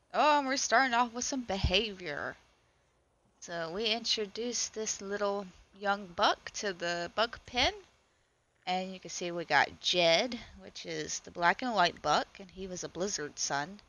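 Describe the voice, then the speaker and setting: A woman with a bright, clear voice gives casual commentary on her goat-farm videos. She is chatty and affectionate, cooing over the animals as she talks. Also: medium pitch, rough recording.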